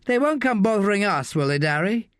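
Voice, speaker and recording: A man's voice: high voice, lively intonation, brisk, a bit bright, no room sound, studio quality, pitched above the performer's own voice. A man voicing a protective young woman who answers back sharply. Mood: defensive.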